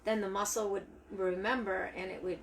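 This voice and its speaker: A woman with a creaky, gravelly voice thoughtfully joins a casual faith discussion. She sits some distance from the microphone, with faint background noise behind her. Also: mid-range voice, level tone, fairly quick. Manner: thoughtful, relates faith to personal experience.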